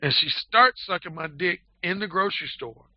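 A man with a gravelly voice, a guest telling a blunt, boastful, crude story in casual talk. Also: sits high, lively intonation, moderate pace, dry recording. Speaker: dating advice guest. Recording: dull lo-fi audio.

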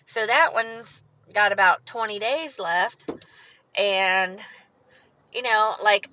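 A woman's voice: medium pitch, pushed and bright, low-quality recording. A woman hosting her own podcast, talking in a rambling, candid way with fillers and the odd swear word. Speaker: podcast host. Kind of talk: casual solo podcast monologue.

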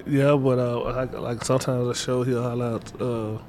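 A man with a mid-range, slightly mellow voice talks at a moderate pace with a flat delivery, over a bit of background noise. He's an artist manager appearing as an interview guest, chatting casually in loose street slang full of fillers and repetition.

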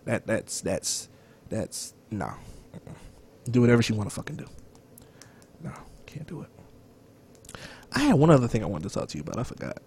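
A man co-hosting a casual podcast chat, loud and animated, profane, sometimes dropping to a whisper. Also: lowish voice, fairly quick, husky. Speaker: podcast co-host.

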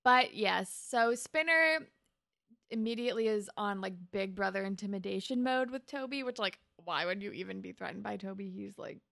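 A woman co-hosting a podcast, casually recapping a TV episode with animated retelling, dry jokes and casual swearing. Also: mid-range voice, moderate pace, gravelly, no room sound. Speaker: podcast co-host.

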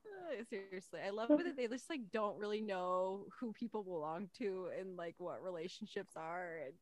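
A woman's voice: mid-range voice, animated, moderate pace. A woman hosting a podcast, telling chatty family stories and laughing often. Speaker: podcast host. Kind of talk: casual chat.

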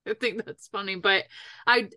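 Bright-voiced woman chatting on a podcast. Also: mid-range voice, steady tone, a little slow, no echo, studio quality. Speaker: podcast co-host. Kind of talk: casual chat.

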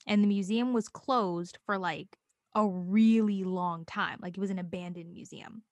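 A young woman co-hosts a casual chat and slips into high, squeaky voices whenever she acts something out. Her voice sits at a middle pitch and is recorded close and dry. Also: measured pace, darkish tone, dry recording. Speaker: podcast co-host.

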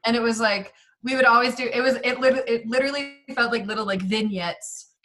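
A woman's voice: on the high side, fairly even intonation, brisk, a bit bright. A woman, a local actress, chatting casually on a podcast in a bubbly way with lots of fillers. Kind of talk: casual chat.

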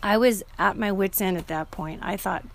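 A woman's voice: mid-range voice, normal speed, creaky. A middle-aged woman telling a personal story in a casual, earnest and emotional way, often restarting her sentences.

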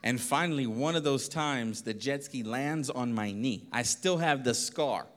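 A pastor telling a lively story in a sermon, acting out voices and laughing often. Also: male voice, mid-range voice, a little slow. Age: adult. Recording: long reverb of a hall.

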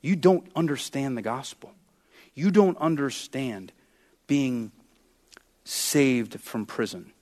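A man preaching a sermon as pastor, impassioned, with big swings in pitch and loudness as he acts out prayers and scripture. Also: slow, pauses often.

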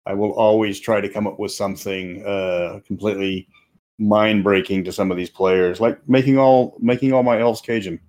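A man with a low voice chats about running tabletop games, winding through stories and restarting his sentences as he goes. He sounds relaxed and conversational. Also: normal speed. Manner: rambling storyteller with restarts. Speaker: game master. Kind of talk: casual podcast chat.

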